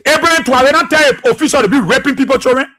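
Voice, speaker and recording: A man's voice: very high-pitched, very fast, bright, forceful tone. A man with a Liberian English accent, hosting a talk radio show and delivering fiery, repetitive political commentary.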